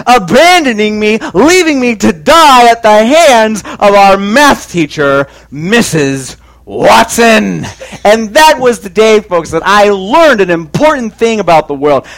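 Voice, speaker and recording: A man with a strikingly high voice tells a funny story to a crowd, leaning hard into exaggeration and comic timing. His delivery is lively and theatrical, like a speaker warming up an audience before the point lands.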